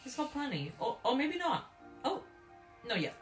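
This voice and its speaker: A woman's voice: sits high, big pitch swings, moderate pace, soft background music. A woman reacting to a TV episode with friends, giving blunt, mock-stern, teasing commentary. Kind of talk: casual reaction chat.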